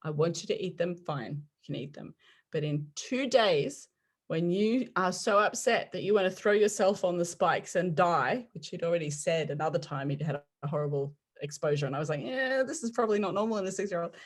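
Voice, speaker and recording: Lively woman telling family stories. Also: lowish voice, moderate pace. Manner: animated, laughs often, acts out quotes. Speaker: podcast guest. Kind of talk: conversational storytelling.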